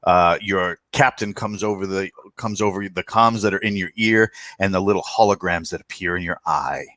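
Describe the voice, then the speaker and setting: A man's voice: sits low, normal speed, bright, forceful tone, dry recording. A man acting as game master who introduces players and narrates the scene in a loose, laughing way. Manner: loose, laughing, lots of fillers.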